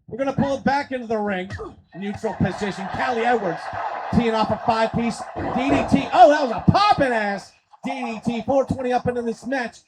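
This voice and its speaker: High-voiced excitable wrestling commentator man. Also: fairly quick, background noise. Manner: excitable, profane, swings into shouting. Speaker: play-by-play commentator. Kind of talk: live streamed wrestling commentary.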